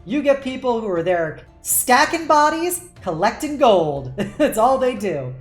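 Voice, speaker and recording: A woman's voice: fairly high pitch, big pitch swings, unhurried, roomy sound, faint music behind. A woman hosting a casual streamed panel as game master, chatting loosely with frequent laughs and casual swearing.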